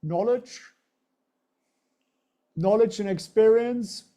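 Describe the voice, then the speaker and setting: A man's voice: high-pitched, slow, mellow. A man hosting a livestream, teaching stock trading in a chatty, joking way and speaking straight to his viewers.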